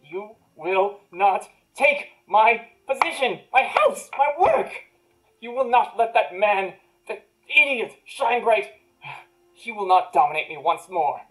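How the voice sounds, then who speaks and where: A bitter male wizard's ex-apprentice, scheming and quick to rant with indignation, as a woman game master voices him. The voice sits at a middling pitch for the performer. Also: animated, lightly acted, low-quality recording. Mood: furious. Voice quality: indignant, ranting.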